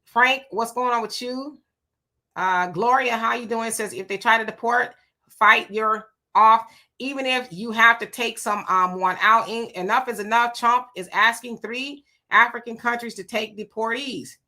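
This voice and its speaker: A woman hosting a casual live stream, reading out viewer comments and answering them one after another. Her voice is bright and forward, and she greets each person by name in an easy, chatty way. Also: on the high side, unhurried.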